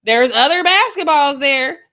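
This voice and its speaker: Young woman co-host, bright tone, animated and quick to laugh, sports chat. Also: high voice. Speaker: show co-host.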